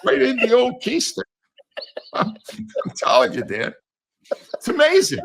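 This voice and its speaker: Older guy ranting about football, high bright voice swinging all over the place, super sarcastic. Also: huge pitch swings, measured pace, creaky. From United States. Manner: sarcastic, exasperated, wildly swinging emphasis. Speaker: guest sports commentator. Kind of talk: animated radio-style rant.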